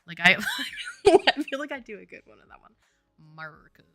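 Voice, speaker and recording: A woman's voice: sits high, very animated, brisk, sharp tone. A woman from Louisiana, a game developer chatting casually on a stream, rambling and laughing often. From Louisiana, US Southern. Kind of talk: casual chat on a dev stream.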